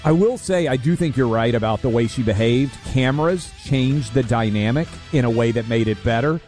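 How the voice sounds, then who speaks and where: A man's voice: medium pitch, a little fast, a little mellow, soft background music. A male radio co-host in casual talk-radio banter, teasing and chatty, with lots of fillers.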